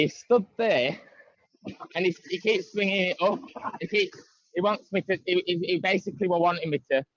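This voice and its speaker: A man's voice: on the high side, no room sound, lo-fi sound. A man tells a long story in casual chat over a video call. He rambles, with many fillers and restarts. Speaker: guest caller.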